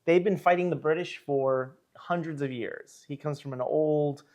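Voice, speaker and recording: A man with a fairly high voice tells history in an interview, lively and rambling. He slips in asides and "you know" as he goes, like a historian thinking out loud. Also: moderate pace. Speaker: archivist and historian.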